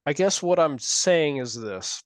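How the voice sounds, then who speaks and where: A man's voice: a little high, lively intonation, a little slow, no room sound. A man leading a group religious study discussion, talking earnestly and carefully, often correcting his own wording.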